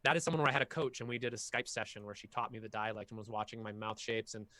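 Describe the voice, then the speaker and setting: Bright-voiced man on a video call. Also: on the low side, rapid-fire. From half Filipino heritage. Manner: animated, talkative storyteller. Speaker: voice actor guest. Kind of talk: casual workshop talk.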